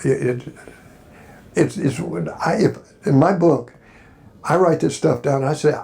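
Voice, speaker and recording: Speaking slowly with vocal fry and long pauses, an older Alabama man offers rambling, folksy stories and encouragement to the crowd. His voice sits on the high side and sounds mellow, in a Q&A at a hotel convention panel room.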